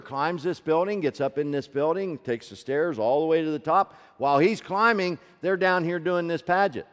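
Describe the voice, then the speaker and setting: A man preaching a sermon as a story, swinging from loud peaks to hushed low tones and asking the audience rhetorical questions. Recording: long reverb of a large hall.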